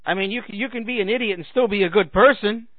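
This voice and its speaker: A man's voice: high voice, fast talker, dry recording, phone-quality sound. A man hosting a talk show, delivering a sarcastic comedic monologue with a ranting manner. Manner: sarcastic ranting with mocking put-on voices. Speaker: radio talk host.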